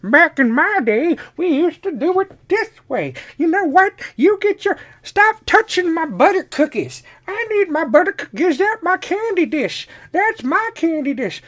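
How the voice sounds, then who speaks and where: A man voicing a cranky, stubborn old grandfather who scolds slowly and rambles. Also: extremely high pitch, very animated, fairly bright tone, pitched above the performer's own voice, exaggerated voice. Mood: grumpy scolding. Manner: slow, querulous, scolding.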